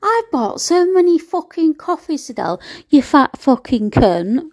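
A woman's voice: medium pitch, sing-song, unhurried, mellow. A woman mimicking a crude, abusive man who spits profane insults. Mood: sneering. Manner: sneering, profane.

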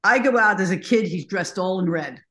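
A woman guest in an interview, telling stories in an animated, emphatic way. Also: medium pitch, brisk. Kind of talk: conversational storytelling. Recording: echoey room.

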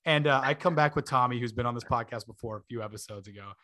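A man's voice: medium pitch, fast, sharp tone. A man in his twenties, a podcast host, telling a long story in a casual way, full of fillers and laughing asides.

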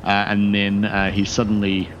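Low-voiced man running a tabletop game. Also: completely flat delivery, moderate pace, fairly bright tone, muffled recording, slight background noise. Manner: rambling, many fillers and restarts. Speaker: game master.

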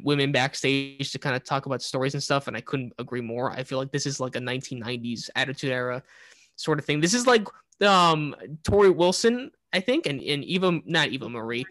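A man co-hosting a casual wrestling podcast, telling what happened with rising excitement and short laughs, then asking his co-host for his opinion. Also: medium pitch, no room sound. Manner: excited, breaks into laughs, asks co-host's opinion.

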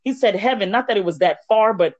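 Animated woman retelling a story. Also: mid-range voice, quick pace, dry recording. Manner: animated storyteller acting out quoted dialogue. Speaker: podcast co-host. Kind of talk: casual faith chat. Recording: dull lo-fi dry recording.

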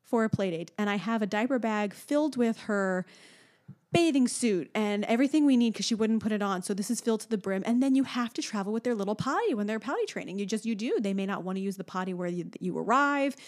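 A woman in her thirties telling a long family story in a casual chat, animated and acting out the people she quotes. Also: fast talker. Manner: animated storyteller, acts out a toddler's high voice. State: pregnant.

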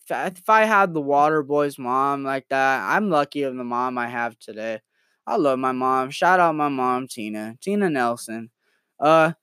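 A young man rambles through a home podcast in a hyper, loose, swear-heavy way. His voice sits a little high for a man. He talks close into a new microphone with a dry sound. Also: fairly bright tone, clean tone, dry recording. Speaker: podcast host. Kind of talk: casual podcast chat. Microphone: new desktop microphone.

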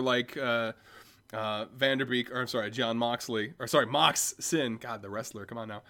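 A man's voice: mid-range voice, normal speed, fairly bright tone. A man co-hosting a podcast, joking and swearing casually about a movie. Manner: joking, swearing, laughs often. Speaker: podcast co-host.

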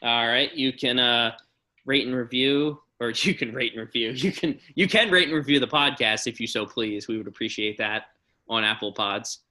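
A young man hosting a casual podcast, his voice bright and forceful. He rants openly and swears freely, stumbling and restarting as he fires off his opinions. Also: mid-range voice, moderate pace. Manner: ranting, profane, animated. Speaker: podcast host.

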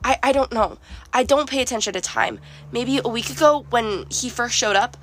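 A woman's voice: on the high side, moderate pace, a bit bright, slight background noise, close to an everyday voice. A woman reading the part of a nervous young female tree nymph in a storybook, speaking hesitantly with small stammers. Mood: worried.

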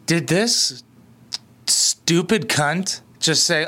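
A man's voice: fairly high pitch, expressive, moderate pace, bright, forceful tone. A man hosting a reaction video, mocking and sarcastic, with crude comedic commentary.

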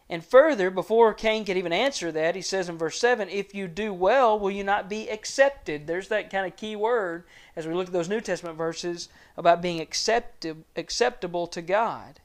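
A man with a fairly high voice preaches an earnest, measured sermon from scripture, letting his voice go soft and low when he reaches a grave point.

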